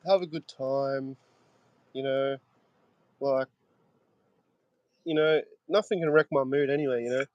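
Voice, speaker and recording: A man's voice: on the high side, a little slow, long pauses, no room sound, poor audio. A man in his thirties from Australia with an Australian accent, chatting brashly on a livestream with plenty of slang and swearing. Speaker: guest streamer. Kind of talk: casual livestream chat.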